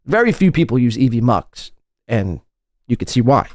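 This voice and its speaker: A man's voice: medium pitch, sing-song, moderate pace, a little mellow, dry recording, studio quality. A man hosting a podcast, mocking a guest's clip with crude, sarcastic commentary. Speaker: podcast host.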